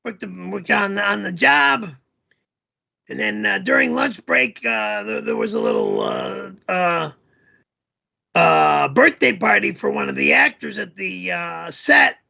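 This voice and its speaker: A man telling a story on a livestream in a hoarse voice, rambling and hesitant with many fillers. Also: high-pitched, big pitch swings, a little slow, sharp tone, lo-fi sound. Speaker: show host.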